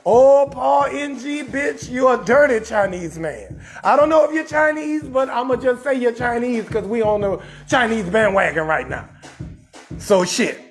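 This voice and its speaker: A man from New Orleans with a New Orleans accent, a comedian hosting a live stream and roasting someone in a loud, profane rant with shouted bursts. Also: extremely high pitch, animated, measured pace, faint music behind. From New Orleans, USA.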